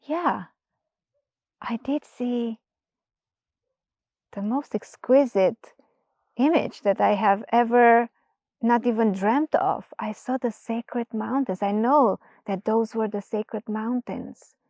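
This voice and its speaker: A woman voicing a small, anxious young male mouse who talks in excited, stammering bursts. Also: slow pace, pauses often, no room sound. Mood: awed. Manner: excited, stammering, high-pitched.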